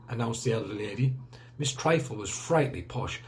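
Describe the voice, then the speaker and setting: A male teacher reading a children's book aloud with expressive storytelling. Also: mid-range voice, brisk.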